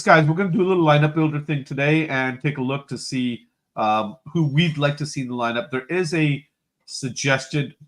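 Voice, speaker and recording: A man's voice: fairly high pitch, a bit bright. A man hosting a casual football live stream, reading out viewer comments and bantering with his co-hosts. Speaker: host.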